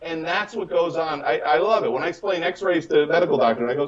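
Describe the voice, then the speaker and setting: A man talks business coaching with real emphasis, jumping into quick little voices for patients and doctors. His pitch sits a bit high and swings widely. He sounds set back from the mic, with a dull, muffled tone. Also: lively intonation, distant mic. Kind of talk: animated conversational advice.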